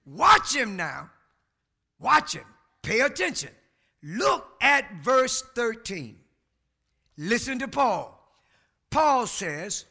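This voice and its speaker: A man preaching a sermon who shouts his key words and banters with the congregation in folksy asides. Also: very high voice, very animated, extremely slow, creaky, long pauses.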